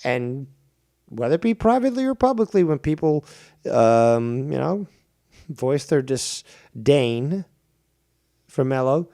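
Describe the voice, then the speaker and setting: A man's voice: medium pitch, animated, slow pace, pauses often, dark tone. A man hosting a heated podcast debate, ranting with emphatic swearing. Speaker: show host.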